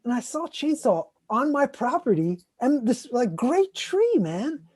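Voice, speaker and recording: Husky man telling a story, lively pitch. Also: unhurried, no echo. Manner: animated storytelling, acting out quotes loudly. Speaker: co-host. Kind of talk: casual chat.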